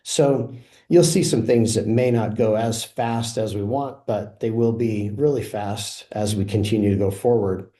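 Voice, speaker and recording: A software presenter with a fairly low voice walks through a product demo at a measured pace, relaxed and explanatory as he clicks through each feature. The audio has a noticeable roomy echo.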